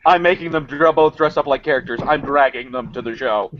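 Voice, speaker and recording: A man's voice: mid-range voice, fairly quick. A man co-hosting a casual podcast, rambling and often stammering and restarting his sentences. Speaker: podcast co-host. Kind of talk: casual chat. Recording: dull lo-fi audio, faint hiss.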